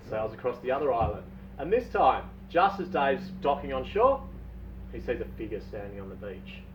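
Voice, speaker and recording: A man casually telling a long shaggy-dog joke, playful and drawn-out, heard from a distance in a dull recording. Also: medium pitch, slight background noise. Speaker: storyteller.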